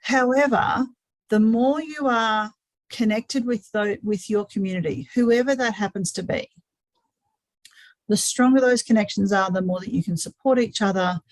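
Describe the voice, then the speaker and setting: A woman hosts a live-streamed webinar in an earnest, thinking-aloud way, often doubling her words. Her voice sits at a middle pitch. The sound is dry and close, with no room echo. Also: normal speed. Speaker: webinar host.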